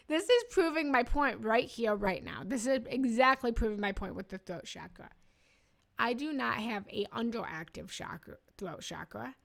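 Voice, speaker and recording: A woman's voice: fairly high pitch, creaky, fairly bright tone. A woman spiritual coach giving a casual, chatty chakra lesson, often breaking off mid-word and laughing at herself. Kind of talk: casual live teaching on chakras.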